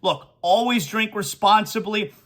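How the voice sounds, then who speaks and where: Male sports talk host, solo show, bright tense voice, animated, repeats himself. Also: high-pitched, unhurried. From South Florida.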